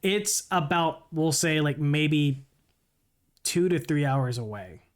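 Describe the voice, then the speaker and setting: A man narrates a tabletop game as its game master. His delivery is halting, with frequent restarts and filler words as he works things out. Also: fairly high pitch, expressive. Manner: halting, stammering, many fillers.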